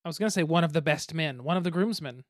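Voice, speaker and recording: A man hosting a board game podcast in a relaxed, chatty way, talking into a mic on a stand. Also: fairly high pitch, fast talker, dry recording, studio quality. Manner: relaxed, chatty, laughs easily. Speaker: podcast host. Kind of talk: casual chat.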